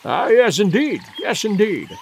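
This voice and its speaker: A man voicing an absent-minded elderly professor, soft-spoken, dithering and pompous. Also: sits high, very animated, measured pace, gravelly, slight background noise, voice pushed up, exaggerated voice.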